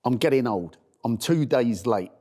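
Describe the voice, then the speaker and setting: A middle-aged British man narrates his charity walk as a spoken diary, his voice medium in pitch and his pace normal. He tells it as a story, putting on animated voices for the people he met along the way.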